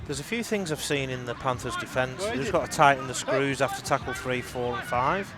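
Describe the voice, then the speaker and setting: A man working as colour commentator at a local rugby league game, offering relaxed analysis and chatty side notes. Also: mid-range voice, a little fast.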